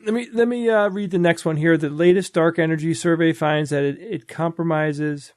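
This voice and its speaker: A man's voice: a little high, fairly quick, a little mellow, no echo, studio quality. A man on a podcast panel, reading quiz items aloud with playful, mock-bewildered reactions. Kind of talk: casual chat.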